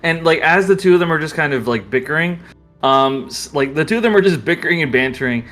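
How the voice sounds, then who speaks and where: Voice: medium pitch, animated, fast talker, fairly bright tone, soft background music. A game master narrating a tabletop role-playing game in a loose, rambling way, full of fillers.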